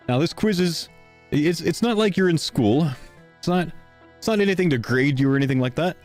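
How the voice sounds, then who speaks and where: A man's voice: a little high, expressive, fairly quick, a little mellow. Streamer guy out of breath, casual chatty ad read to chat, faint music in the background. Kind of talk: live-stream sponsor read.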